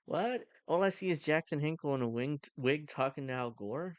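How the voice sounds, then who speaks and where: A man's voice: fairly high pitch, normal speed, dry recording. Sarcastic man ranting on a live stream. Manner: sarcastic, mocking, animated rants. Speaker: streamer host reacting to news clips. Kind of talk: casual live-stream commentary. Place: home, cooking during stream.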